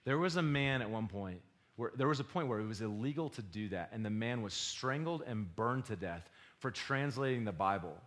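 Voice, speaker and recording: A man preaching a sermon, swinging between loud exhortation and quiet confession. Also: lowish voice. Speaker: pastor.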